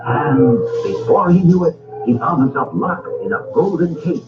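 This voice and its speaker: A man narrating a storybook cartoon, reading aloud in a measured, expressive way. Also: on the high side, echoey room. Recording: tinny old record with music.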